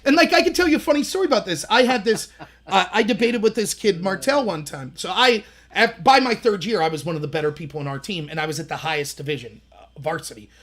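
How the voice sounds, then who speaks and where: A man in his thirties hosting a livestream, telling animated stories in casual commentary and acting out the voices he quotes. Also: high voice, fast talker. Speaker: livestream host.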